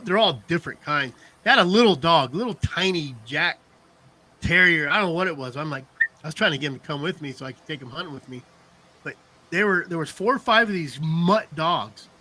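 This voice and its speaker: A man's voice: fairly high pitch, pushed and bright. A middle-aged man telling rambling stories in casual chat, laughing often and checking in with "you know what I mean". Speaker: podcast co-host.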